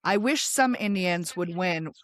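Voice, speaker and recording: A woman's voice: lowish voice, lively intonation, a little slow, a bit bright. A woman co-hosting a podcast, chatting casually and reading history notes aloud with digressions. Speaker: podcast co-host.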